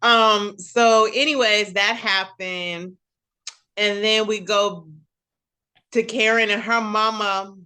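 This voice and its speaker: Woman, recap host, casual chat, animated storytelling, bright. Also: mid-range voice, takes it slowly, clean tone. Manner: animated storytelling, acts out characters' lines.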